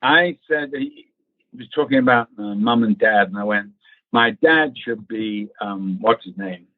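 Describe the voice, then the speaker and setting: A man's voice: on the low side, a little slow, no room sound. A man, an actor guest, telling anecdotes in an interview and acting out the people in them. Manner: storytelling, acts out quoted people, swears casually. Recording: tinny phone-line audio.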